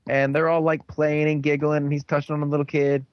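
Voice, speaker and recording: A young man recapping a show in a rambling, animated way with lots of fillers. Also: fairly high pitch, a little fast, dry recording. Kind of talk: casual recap chat. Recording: dull lo-fi recording.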